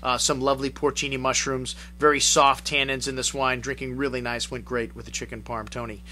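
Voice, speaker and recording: A middle-aged man hosting a wine show, chatting casually through wine reviews with frequent uhs and pauses. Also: mid-range voice, level tone, pushed and bright, slight background noise. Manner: chatty, many uhs, lists wines. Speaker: wine shop host.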